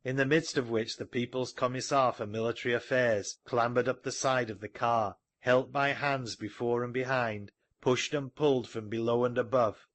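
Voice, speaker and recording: A man reading an audiobook in a measured storytelling manner, recorded close to the mic. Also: medium pitch, fairly even intonation, a bit bright, no echo. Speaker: audiobook narrator. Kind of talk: scripted narration.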